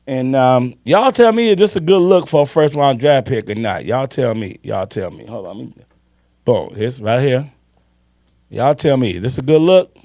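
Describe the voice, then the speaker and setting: Guy in his 50s doing a sports podcast, mid voice, swings all over in pitch, cusses a lot, dry sound. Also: darkish tone, no echo. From Chicago. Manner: emphatic, swearing, drawn-out storytelling. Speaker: podcast co-host. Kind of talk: casual sports chat.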